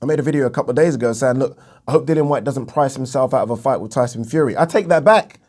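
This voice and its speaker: An English man delivers a heated solo boxing commentary as an opinion vlog rant, indignant and emphatic, repeating himself and swearing freely. His medium-pitched voice is rapid-fire with a steady, dark tone.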